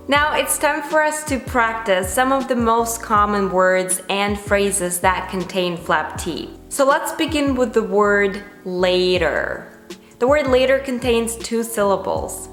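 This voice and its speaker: A woman gives a pronunciation lesson at an unhurried, deliberate pace, saying each example word twice for her listeners to copy. Her voice rings in a roomy space with faint music underneath. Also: medium pitch, animated, fairly bright tone. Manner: slow, careful, repeats example words for drill. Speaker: English pronunciation teacher.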